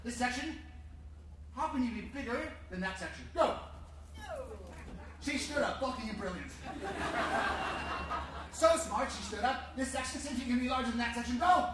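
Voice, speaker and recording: A man's voice: very high-pitched, moderate pace, pauses often, background noise. A man on stage ordering and teasing his audience with bossy, laughing commands. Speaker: stage comedian doing crowd work. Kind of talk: live audience interaction. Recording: echoey hall from far off, loud crowd.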